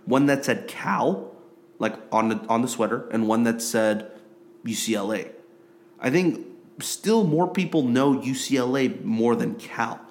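A young man who grew up in Korea talks sports in a loose, casual podcast chat. He rambles, leans on "like" and "um", and circles back over the same phrases before landing his point. His voice sits at an ordinary middle pitch. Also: unhurried, darkish tone. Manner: rambling, filler-heavy, repeats himself. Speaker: podcast co-host.

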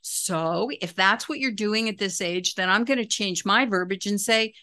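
A middle-aged woman, a parenting expert, calmly explaining advice in a casual talk and acting out what a parent might say. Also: mid-range voice, normal speed, few pauses, no echo, studio quality. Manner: calm, explanatory, acts out quoted dialogue.

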